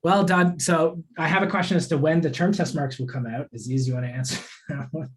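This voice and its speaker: A young man with a fairly high pitch and fairly even intonation talks a little fast as he teaches a live online math lesson. The course instructor keeps it casual, answering student questions while working through problems.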